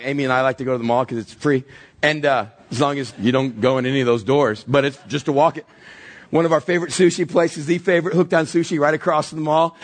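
A middle-aged pastor delivers a lively sermon, jumping into acted-out voices as he tells his stories. His voice is husky and sits a little high for a man. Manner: animated storytelling with acted-out voices.

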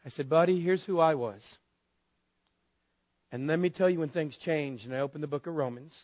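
A man's voice: fairly high pitch, moderate pace, dry recording. A man preaching a sermon as a pastor, telling a story in a candid, conversational way with wry humor. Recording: dull, lo-fi dry sound.

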